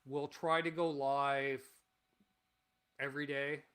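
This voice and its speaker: A man's voice: medium pitch, level tone, slow, fairly bright tone. A man in his forties hosting a casual livestream Q&A, rambling and blunt and swearing freely. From Canada. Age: 40s. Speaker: channel host.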